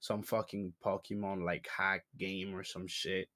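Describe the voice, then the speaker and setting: A man hosting a casual podcast, reacting to videos in a crude, excitable way with lots of swearing. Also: sits low, unhurried, dry recording, studio quality. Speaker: podcast host.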